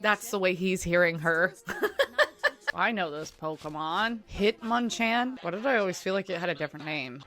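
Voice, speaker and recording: A woman's voice: lowish voice, moderate pace, a bit bright. A young woman casually commenting while she watches a cartoon, chatty and amused, talking back to the screen. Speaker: reaction vlogger.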